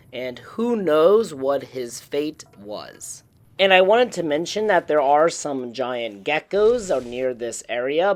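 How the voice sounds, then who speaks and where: A YouTube host narrating a gameplay tour voice-over in an informative, chatty way. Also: mid-range voice.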